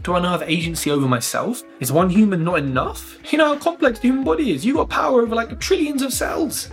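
A man delivers a motivational vlog in a blunt, rambling way, with casual swearing along the way. His voice sits a little high, and faint music plays under him. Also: fairly bright tone. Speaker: vlogger. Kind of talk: motivational monologue.

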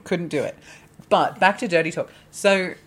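A man's voice: high-pitched, normal speed, a bit bright, husky. A man co-hosting a podcast in casual chat, with a wry, teasing, laid-back manner. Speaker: podcast co-host.

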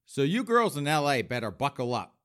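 A man's voice: mid-range voice, big pitch swings, a little fast, a bit bright. A man hosts a podcast with a mocking, campy comedic monologue. His voice swoops up and down constantly while he rattles off jabs. He sits in a middle register for a man. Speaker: podcast host.

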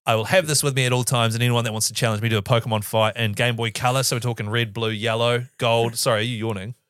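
A man's voice: mid-range voice, steady tone, fast, fairly bright tone, clean tone, no echo, studio quality. A man co-hosting a casual podcast chat, telling a long story eagerly and rambling from point to point. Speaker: podcast co-host.

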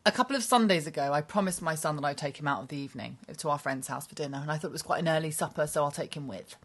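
Woman, middle-aged, dry teasing storyteller, low voice, quick talk. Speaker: podcast co-host. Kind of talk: casual chat.

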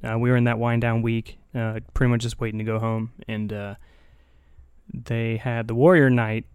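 A man's voice: medium pitch, flat delivery, moderate pace, darkish tone, smooth, dry recording, clean studio sound. A young man hosting a casual chat, telling a story in a laid-back way, laughing often and swearing casually. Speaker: podcast host.

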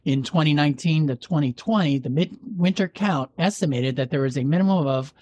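A man with a slightly husky voice reads a local legend aloud, unhurried and measured, sometimes dropping a dry joke. The sound is close and dry, with no room around it. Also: on the high side, a little mellow, no echo. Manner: measured storytelling, dry jokes. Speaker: podcast host. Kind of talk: reading a legend aloud with banter.

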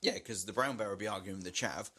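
A man's voice: lowish voice, fast, sharp tone, husky. A man co-hosting a podcast, chatting casually and joking, often slipping into silly voices. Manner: jokey, slips into silly put-on voices. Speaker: podcast co-host. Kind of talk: casual comedic chat.

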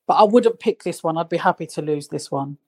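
A young woman from East London with a London accent, a comedian guest chatting casually on a podcast and telling stories with animated delivery. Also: sits low, fairly quick, breathy edge. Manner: chatty, animated storytelling with laughs.

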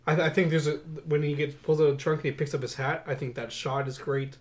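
A young man co-hosting a podcast, chatting casually about movies with a wry, sarcastic, animated delivery. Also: on the high side, fast talker. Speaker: podcast co-host. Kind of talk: casual movie-review chat.

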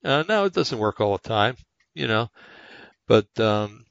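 Man, 60s, low gravelly voice, rambling casual talk, dull dry lo-fi recording. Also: big pitch swings, measured pace, dry recording. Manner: rambling, many fillers and restarts. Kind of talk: casual monologue.

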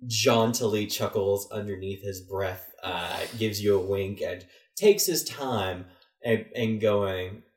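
A man's voice: fairly low pitch, slow, distant mic. A man running a tabletop game, narrating scenes easily with small fillers. He sits back from the mic in a roomy space that adds echo. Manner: easygoing, with "uh" and "kind of". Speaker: game master.

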